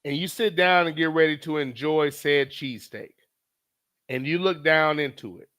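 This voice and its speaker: Male livestream host reading chat; bright, slightly high voice, animated and swearing freely. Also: normal speed. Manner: animated, profane, teasing.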